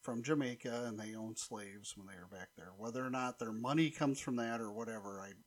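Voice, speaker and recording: A man's voice: medium pitch, a little fast. A man co-hosting a podcast, who questions and nitpicks his partner's claims in casual talk. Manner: skeptical, nitpicking. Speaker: podcast co-host. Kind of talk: casual political banter.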